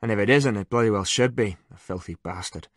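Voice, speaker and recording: A man voicing a crude, wry male army corporal with a soft Irish accent in an audiobook. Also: lowish voice, fast, no room sound, clean studio sound, close to an everyday voice. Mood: wry grumbling. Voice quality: soft-spoken.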